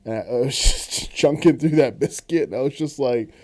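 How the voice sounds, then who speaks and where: A man's voice: mid-range voice, normal speed, darkish tone. A man co-hosting a podcast in casual chat, rambling with frequent laughs and restarts. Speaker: podcast co-host.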